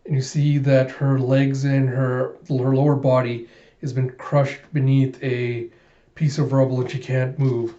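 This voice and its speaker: A man eagerly retelling a comic book aloud in an excited, animated readthrough. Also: mid-range voice, unhurried, echoey room, lo-fi sound. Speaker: host reading a comic aloud.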